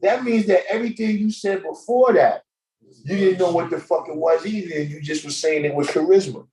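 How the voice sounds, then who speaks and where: A man hosting a casual livestream chat, telling stories in an animated, slangy way and laughing often. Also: on the high side, brisk, poor audio. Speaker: host.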